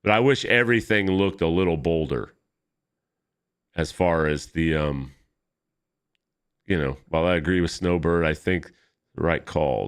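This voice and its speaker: A man with a deep, clear, smooth voice talks slowly through his thoughts on comic books. He rambles, nitpicks and corrects himself mid-sentence in a casual, offhand way. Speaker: comic book vlogger. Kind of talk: casual commentary while flipping through comics.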